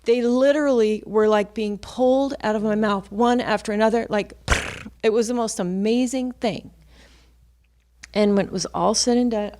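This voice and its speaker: A woman's voice: medium pitch, a little mellow. A woman telling a gathering an earnest, heartfelt personal testimony in a plain storytelling way. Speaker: speaker sharing a testimony with the gathering.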